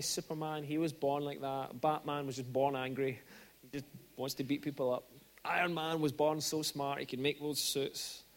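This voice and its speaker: A man preaching a sermon in a church, conversational with frequent restarts and animated storytelling. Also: high voice. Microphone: microphone at pulpit.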